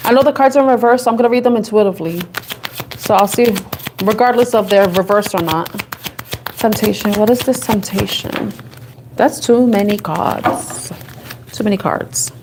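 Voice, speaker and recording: A woman's voice: mid-range voice, moderate pace, background noise. Chatty woman doing a tarot reading. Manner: chatty, giggly, thinks aloud. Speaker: tarot reader. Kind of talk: casual tarot reading to camera.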